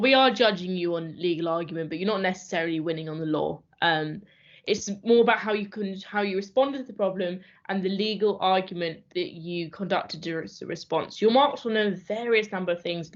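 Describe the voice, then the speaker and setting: A young woman from a university mooting society giving calm, reassuring instructional advice with some fillers. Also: on the low side. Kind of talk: instructional training talk. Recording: dull lo-fi recording.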